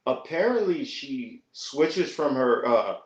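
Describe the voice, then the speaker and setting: A man's voice: mid-range voice, sing-song, takes it slowly. A man talking as a podcast guest in casual chat, hesitant and earnest. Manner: hesitant, many fillers and restarts, earnest. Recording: echoey, dull lo-fi audio.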